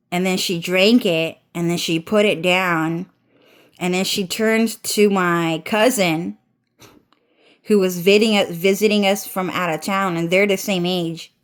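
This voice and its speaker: A woman's voice: fairly low pitch, steady tone, takes it slowly, long pauses, smooth. A woman ranting through a storytime vlog, swearing constantly and chaining "and then" with a stuffy, congested voice. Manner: profane, repetitive, chains "and then". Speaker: vlogger. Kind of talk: rambling storytime rant.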